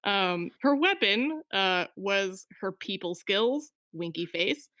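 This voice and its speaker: A woman's voice: mid-range voice, expressive, slow pace, a bit bright, dry recording, muffled recording. A woman player in a tabletop game chatting casually about her character, rambling with restarts and laughing often.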